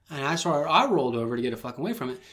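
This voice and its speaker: A man's voice: mid-range voice, sing-song, fast, a bit bright. A young man co-hosting a podcast, telling a rambling, profane story with acted-out quotes. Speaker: podcast co-host. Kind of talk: casual chat.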